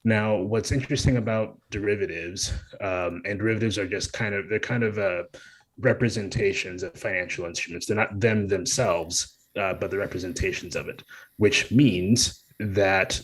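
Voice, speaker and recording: Low, husky man explaining taxes. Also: normal speed, low-quality recording. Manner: hesitant, full of ums. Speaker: co-host, tax professional. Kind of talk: casual explanation.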